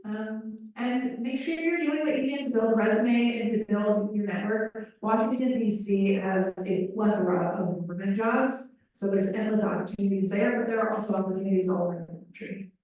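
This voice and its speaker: A woman serves as a sign language voice interpreter for a live panel, her medium-pitched, warm voice moving at normal speed. She sounds conversational, with "um"s, and is heard from far off in a very echoey room.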